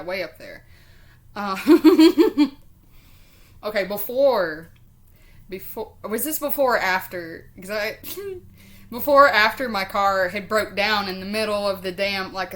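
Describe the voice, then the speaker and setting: A chatty woman recounts a story on her vlog in a loose, rambling style. She drifts off on tangents, swears freely and laughs easily, with a voice of ordinary middle pitch. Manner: chatty and expressive, laughs often. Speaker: vlogger. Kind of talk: casual storytelling to camera.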